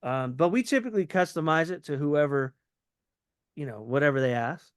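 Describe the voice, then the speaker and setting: A man with a slightly high voice coaches someone through a sales pitch, playing both sides of the exchange to show the phrasing. He keeps it loose and conversational. The recording is dry and close. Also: normal speed, clean tone, dry recording.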